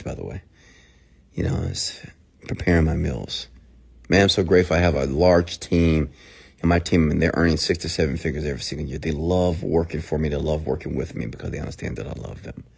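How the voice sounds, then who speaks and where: A middle-aged man with a low, deep voice delivers a motivational monologue straight to his listeners. He is emphatic, dropping to hushed near-whispers and then rising to shouts. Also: creaky, breathy edge. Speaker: motivational speaker.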